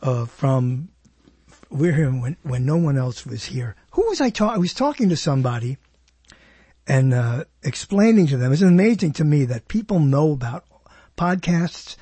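A man's voice: a little high, animated, normal speed, warm tone, slightly rough, no room sound. A man hosting a casual live internet talk show, rambling, joking and arguing with his co-host. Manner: rambling, jokey, argumentative.

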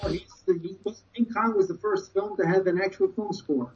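A man's voice: sits high, steady tone, brisk, a little mellow. Earnest male radio guest on a dull line. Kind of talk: casual radio chat.

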